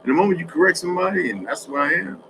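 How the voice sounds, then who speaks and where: A man's voice: high-pitched, animated, very fast, noisy background. A man in a casual, rambling monologue for social media, telling streetwise stories with lots of cursing. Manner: profane, rambling, streetwise storytelling.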